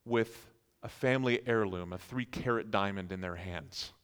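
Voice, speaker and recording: A man's voice: on the low side, normal speed, a bit bright, smooth. A man preaching a sermon, telling vivid stories and acting out incredulous reactions. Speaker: pastor.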